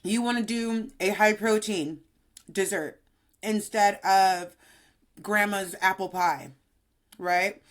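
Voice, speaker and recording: A woman's voice: mid-range voice, steady tone, slow, long pauses. Chatty woman podcast co-host. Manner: chatty, sassy and upbeat. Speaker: podcast co-host and fitness coach. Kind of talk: casual podcast chat.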